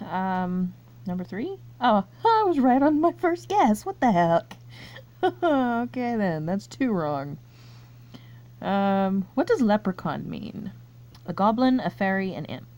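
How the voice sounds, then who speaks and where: A woman's voice: fairly low pitch, darkish tone. A woman reading quiz questions aloud and thinking through her answers in casual, chatty commentary, laughing often. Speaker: YouTuber taking online quizzes.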